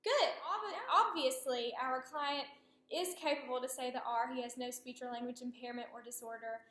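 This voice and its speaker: Casting: high-pitched woman speech therapist, patient and encouraging, roomy echo. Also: moderate pace, fairly bright tone. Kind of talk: clinical demonstration.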